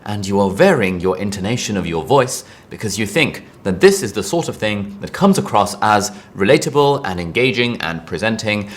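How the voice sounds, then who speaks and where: Male instructor, low voice, quick and rambling, casual lesson delivery. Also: a bit bright. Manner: chatty, rambling asides, frequent "like". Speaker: online course instructor.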